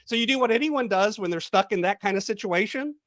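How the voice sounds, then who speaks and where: Man, high-pitched, coach guest, storytelling, dry close sound. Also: lively intonation, quick pace, a bit bright, no room sound. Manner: storytelling, guided visualization. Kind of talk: podcast interview.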